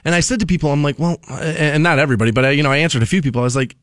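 Loud ranting male radio host. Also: fairly high pitch, steady tone, very fast, no room sound, studio quality. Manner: loud, mocking, laughs while ranting. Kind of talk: casual comedic radio banter.

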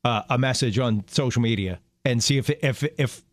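A middle-aged man co-hosting a talk show, chatting casually and telling stories with quick laughs. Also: medium pitch, no echo, studio quality. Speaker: radio show co-host. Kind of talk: casual chat.

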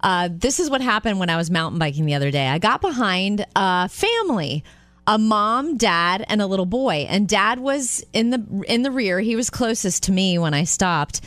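Animated woman telling a story, dry sound. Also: medium pitch, moderate pace, dry recording. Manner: animated storyteller, acts out quotes. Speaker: radio co-host. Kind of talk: casual chat, storytelling.

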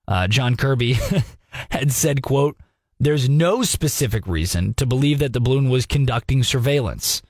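A young man hosting a radio news talk segment, giving sarcastic, animated commentary with mocking asides. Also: mid-range voice, normal speed, no echo, studio quality.

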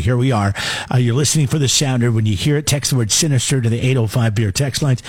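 A man's voice: mid-range voice, fast, darkish tone, dry recording. A man hosting a radio morning show, chatting casually and reading out contest details. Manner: chatty, laughs easily, reads contest details.

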